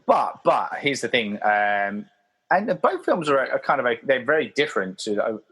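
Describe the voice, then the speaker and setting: A man's voice: mid-range voice, big pitch swings, normal speed, a bit bright, slightly rough. A man co-hosting a casual film podcast, talking in a rambling way with lots of fillers and restarts. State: hiccuping. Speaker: podcast co-host.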